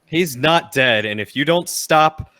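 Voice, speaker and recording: A man speaking as his character at a tabletop game, calm and firm. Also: fairly high pitch, unhurried, no room sound, studio quality. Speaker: player.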